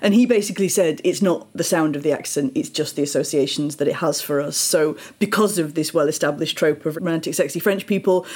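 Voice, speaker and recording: A woman's voice: low-pitched, fairly quick, hardly any pauses, darkish tone, husky. A woman co-hosting a news podcast, chatty and explanatory, laughing easily. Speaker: podcast co-host. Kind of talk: casual chat.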